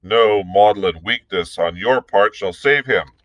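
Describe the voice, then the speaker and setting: A man voicing a savage, scarred green Martian warrior chieftain who talks in a loud, menacing, defiant way, in a storybook read-aloud. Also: lowish voice, measured pace, no room sound, muffled recording. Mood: roaring.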